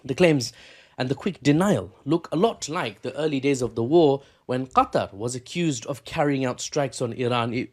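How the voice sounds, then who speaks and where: A man giving casual news commentary, sarcastic and rambling, correcting himself often. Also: medium pitch.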